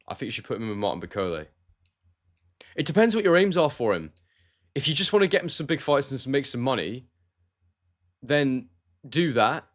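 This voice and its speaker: A man with a neutral southern English accent, hosting a casual live stream and chatting about boxing while reading out viewer comments. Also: mid-range voice. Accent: neutral southern English, no regional trace. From Scotland. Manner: relaxed, chatty, addresses viewers as mate. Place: warm room at home.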